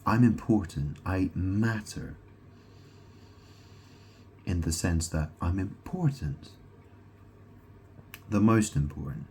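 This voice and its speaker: Deep-voiced man in a rambling, profane monologue. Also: animated, mellow, husky. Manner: profane, rambling, rhetorical questions; repeats himself, halting restarts. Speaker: self-proclaimed god vlogger.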